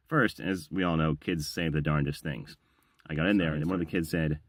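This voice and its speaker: A man's voice: rumbling low, fairly even intonation, a little fast, no room sound. A middle-aged man, a voiceover actor and audiobook narrator, telling a story in a casual, chatty, self-deprecating vlog.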